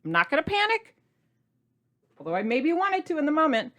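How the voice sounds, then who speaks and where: A middle-aged woman hosting a podcast, talking to her listeners in an energetic, animated, casual way. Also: sits high, brisk. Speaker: podcast host. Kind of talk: casual motivational podcast monologue.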